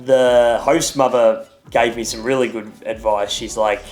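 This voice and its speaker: Young aussie guy vlogging, chatty and upbeat, bit of music going quietly behind. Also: mid-range voice, fairly even intonation, a little slow. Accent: Australian. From Australia. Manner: chatty and upbeat, with playful asides. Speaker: vlogger and podcast host. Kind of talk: casual travel vlog narration.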